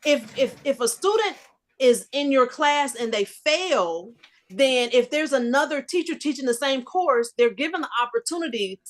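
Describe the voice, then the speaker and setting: Woman in her fifties, high voice, animated, emphatic, casual group chat storytelling. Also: normal speed. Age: 50s. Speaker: discussion panelist.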